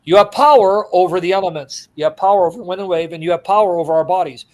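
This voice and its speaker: A man's voice: sits high, fast talker, darkish tone, natural voice. A man voicing an adult male disciple who earnestly begs to walk on the water. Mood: pleading.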